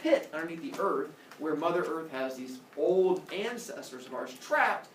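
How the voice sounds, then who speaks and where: A male teacher voicing a calm, clever male seer who explains things matter-of-factly. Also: fairly high pitch, normal speed, a little hiss or hum, natural voice. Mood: explaining. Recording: roomy echo, mic far off.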